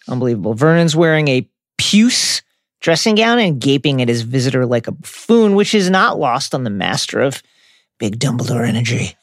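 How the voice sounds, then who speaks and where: A man co-hosting a book discussion podcast, retelling chapters in a wry, lively way. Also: mid-range voice, a little fast, creaky, no room sound, clean studio sound. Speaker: podcast co-host.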